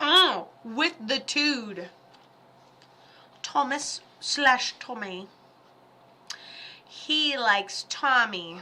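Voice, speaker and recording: A woman's voice: fairly high pitch, animated, extremely slow, long pauses, sharp tone. A woman giving casual livestream psychic readings, chatty and blunt, joking as she goes. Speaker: psychic medium.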